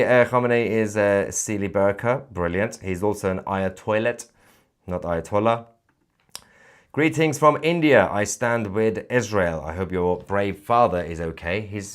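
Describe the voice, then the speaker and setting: A man hosting a livestream, reading viewer comments aloud and joking between them with frequent laughs. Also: low voice. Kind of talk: casual live-stream commentary.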